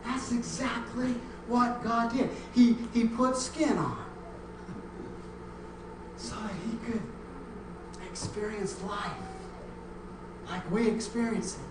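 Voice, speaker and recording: A middle-aged pastor delivers a sermon in a church sanctuary, slipping from gentle storytelling into loud, emphatic preaching. The voice is distant from the mic and washed in heavy room echo, with a faint ambient hiss behind it, and the delivery is unhurried. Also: medium pitch, fairly even intonation. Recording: echoey room, mic far off.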